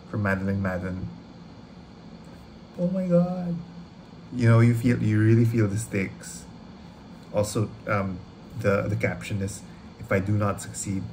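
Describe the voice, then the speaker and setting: A man reacts casually to a trailer in a slightly low voice, gushing and swearing as he rambles. His recording has clear background noise. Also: a little mellow. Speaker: reaction video host.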